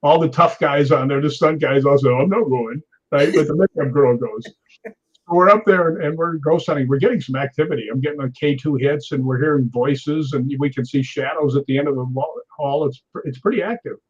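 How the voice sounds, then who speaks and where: A muffled recording captures a man's fairly high, slightly rough voice moving a little fast. He's a stuntman in his sixties, sitting for a storytelling interview, acting out what people said and laughing often as he tells his stories with energy.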